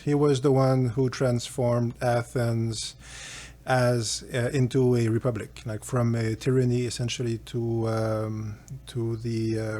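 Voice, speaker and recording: A man's voice: medium pitch, vocal fry, darkish tone. A man hosting a philosophy channel, retelling an ancient legend in a rambling, casual way with fillers and chuckles. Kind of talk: casual storytelling lecture.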